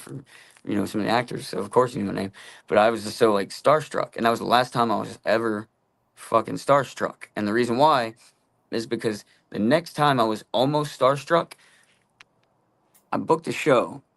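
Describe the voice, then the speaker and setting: A man's voice: fairly low pitch, moderate pace, vocal fry, fairly bright tone. A man, a guest actor and musician, telling a casual story in a profane, rambling way and laughing often.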